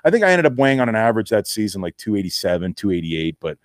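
Man, middle-aged, fast talker, dry studio, lively storyteller acting out quotes. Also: lowish voice, no echo. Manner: animated storyteller, acts out quoted voices. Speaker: former football player guest. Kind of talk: casual storytelling interview.

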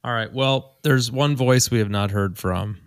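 A laid-back man hosts a casual podcast with jokey banter. He talks slowly in a gravelly voice. The sound is dry and close to the mic. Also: medium pitch, no room sound. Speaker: podcast host.

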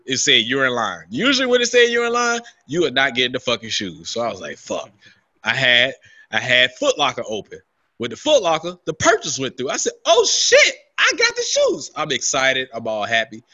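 Animated, swearing man ranting. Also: medium pitch, a little fast, no echo, dull audio. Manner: animated, swears constantly, acts out his own quotes. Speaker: podcast co-host. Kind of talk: casual profane rant.

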